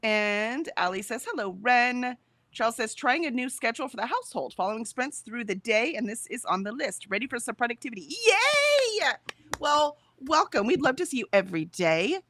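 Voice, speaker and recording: Her voice sits on the high side, animated and brisk with a bit of brightness, and there's no room sound. As co-host of a casual productivity stream, she reads viewer comments out loud between bits of chat and laughs often.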